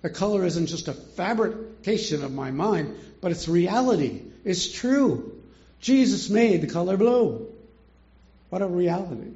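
Older man teaching with a gravelly voice. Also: high voice, a little mellow, dull audio. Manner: chatty, rhetorical questions, chuckles often. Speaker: Bible teacher. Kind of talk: informal Bible study teaching.

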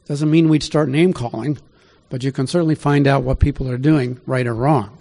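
Mellow-voiced man preaching a sermon. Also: medium pitch, fairly even intonation, moderate pace, gravelly. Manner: conversational, asks the listeners questions. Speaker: pastor. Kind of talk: sermon Bible teaching.

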